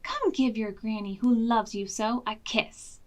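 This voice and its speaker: A woman reading aloud voices a doting old grandmother in a high, sing-song, gushing way. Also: unhurried, natural voice.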